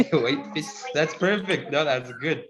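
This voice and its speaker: A man teaching a language lesson over a video call, relaxed and encouraging, laughing often. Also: a little high, muffled recording.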